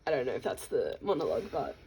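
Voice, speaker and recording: Chatty young woman vlogger, husky voice. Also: rumbling low, very animated, fast talker, warm tone, poor audio. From Australia. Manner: chatty, jokey, addresses viewers as guys. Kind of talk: casual chatty vlog narration.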